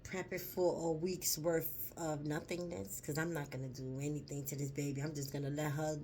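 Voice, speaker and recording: In this casual vlog chat, a woman with a low, dark voice and little pitch movement addresses her viewers over a slight hiss or hum. She is slow, emphatic and profane, drawing out her words, and her voice catches with emotion as she recounts a story.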